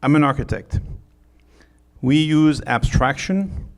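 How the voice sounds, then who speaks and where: French-accented middle-aged male presenter, gravelly tone, chatty and joking. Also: on the high side, slow. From France. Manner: joking, chatty, with many fillers and restarts. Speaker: conference speaker. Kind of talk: conference talk. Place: conference hall.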